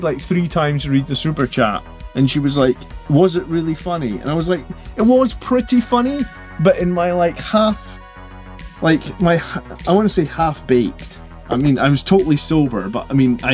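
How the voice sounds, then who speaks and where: A tired man hosting a hobby livestream, chatting in a rambling, relaxed way full of fillers and restarts. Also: medium pitch. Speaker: hobby channel host. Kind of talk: casual livestream chat.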